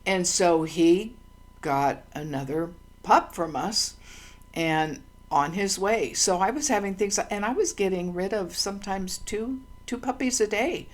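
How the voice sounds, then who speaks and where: Telling personal stories on her own channel, this female host wanders casually through a monologue full of ums and restarts, sincere and heartfelt throughout. She speaks a little slowly in a medium-pitched voice.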